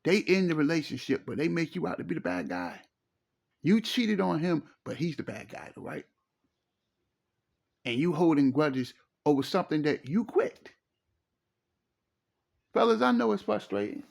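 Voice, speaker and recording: A man's voice: a little high, very animated, moderate pace, creaky, long pauses, darkish tone. A middle-aged man, giving preachy, emphatic relationship advice in a casual monologue and repeating his phrases. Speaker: relationship commentator.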